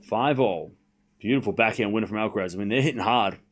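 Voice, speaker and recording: A young man hosting a live tennis watchalong stream, chatting casually and excitedly repeating the score as points are played. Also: lowish voice, fast talker. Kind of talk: live casual play-by-play commentary.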